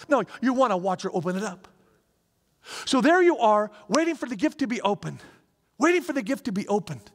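A middle-aged man preaching a sermon in a lively, conversational way, acting out little scenes as he goes. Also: very high voice, a little fast. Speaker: pastor. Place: church sanctuary. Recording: reverberant hall.

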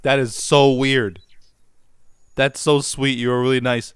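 A man's voice: mid-range voice, flat delivery, a little slow, smooth. A man hosting a gaming channel, giving casual, playful commentary to his viewers as he plays. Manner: playful and joking, talks to viewers.

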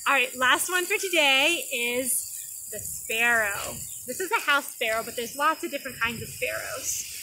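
A woman teaching young children in a video lesson, talking in a gentle, sing-song way that is exaggerated for little ones. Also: high-pitched, normal speed. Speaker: preschool teacher. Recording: noisy background.

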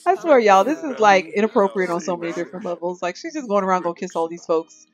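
A woman's voice: mid-range voice, expressive, fast talker, faint music behind. A young woman chatting casually as she plays a life-simulation game, laughing often and playfully voicing the characters. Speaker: let's-play host. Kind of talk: casual gameplay commentary.

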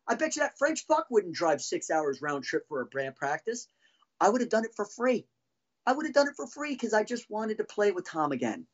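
A man's voice: very high-pitched, big pitch swings, moderate pace, muffled recording. A middle-aged man, a former band drummer, telling heated, profane stories as a podcast guest. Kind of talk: casual storytelling.

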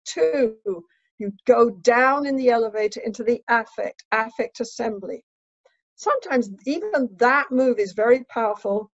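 A woman therapist teaching a webinar, talking casually and sometimes slowing down and going soft to demonstrate. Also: fairly high pitch, lively intonation, no room sound, lo-fi sound. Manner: slows down and goes soft to demonstrate. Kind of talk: lecture with demonstration.

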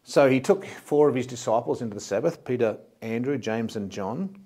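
A man's voice: medium pitch, animated, moderate pace, mellow. A man from Australia, a pastor, preaching a sermon in a plain, explanatory way and often repeating words as he goes.

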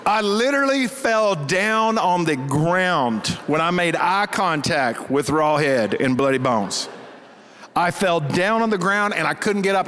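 A pastor from Texas with a Texas accent, preaching in a folksy, animated storytelling style and acting out the voices in his stories. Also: sits high, smooth. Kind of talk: storytelling sermon. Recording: reverberant church hall.

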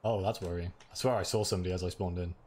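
A man's voice: sits low, steady tone, racing, darkish tone, slight background noise. A man hosting a casual gameplay chat, full of joking, self-mocking banter. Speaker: gaming channel host.

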